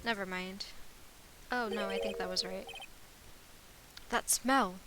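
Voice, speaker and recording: A woman's voice: medium pitch, fairly even intonation, moderate pace, over loud music, rough recording. A woman streamer chatting casually and giggling while she plays a video game. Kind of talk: casual game livestream chat.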